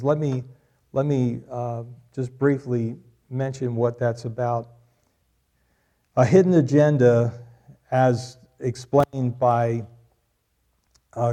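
A man's voice: medium pitch, dark tone. A middle-aged man preaching a sermon, repeating key lines for emphasis and joking with the congregation. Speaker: pastor.

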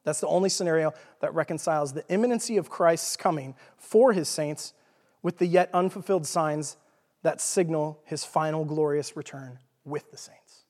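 A man's voice: on the high side, moderate pace, darkish tone. A man with a Texan accent preaching a casual, jokey teaching sermon, often checking in with his listeners by asking "okay?". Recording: long reverb of a large hall.

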